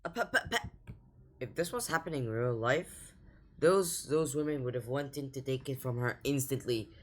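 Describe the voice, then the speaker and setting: A woman's voice: very deep voice, animated, moderate pace. A young woman hosting a reaction video, casually and with exasperation talking back at the clip she is watching. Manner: exasperated, talks back at the screen.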